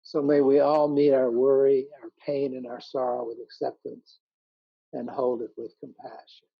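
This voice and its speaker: A man giving a calm, measured dharma talk as a meditation teacher over a video call. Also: mid-range voice, gravelly, slightly rough, no echo. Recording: muffled video call audio.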